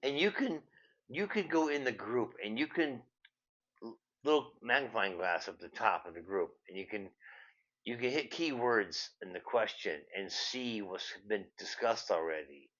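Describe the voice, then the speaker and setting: A man's voice: on the low side, expressive, moderate pace, fairly bright tone. An older man hosting a show, ranting in a profane comedic style, repeating himself and drifting off on tangents. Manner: swears constantly, repeats words, trails into tangents. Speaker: show host. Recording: dull lo-fi sound.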